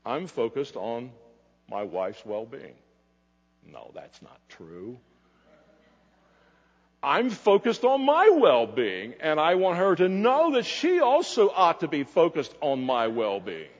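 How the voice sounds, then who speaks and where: A man preaching a sermon in a slightly high, husky voice that climbs and falls a great deal. He swings between emphatic lines and quiet asides. The dull, lo-fi recording carries a long reverb from a big hall. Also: wildly swooping pitch, takes it slowly. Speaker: pastor.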